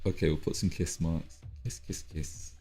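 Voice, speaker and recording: A man's voice: rumbling low, steady tone, moderate pace, dark tone, soft background music. A man streaming his drawing, chatting casually in a rambling, self-deprecating way. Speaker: art streamer.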